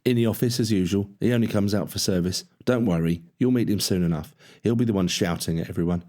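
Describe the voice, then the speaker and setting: A deep-voiced man reads a friendly, plump young kitchen lad in an audiobook. He sounds easygoing and matter-of-fact, and his talk is blunt and casual. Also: fast talker, dark tone, close to an everyday voice. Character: friendly tubby young male kitchen hand.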